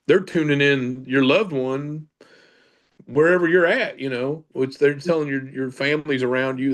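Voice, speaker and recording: A man, a podcast guest telling paranormal stories in a loose, rambling way. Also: mid-range voice. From Kentucky. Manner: rambling, with fillers and self-corrections. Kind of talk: casual storytelling.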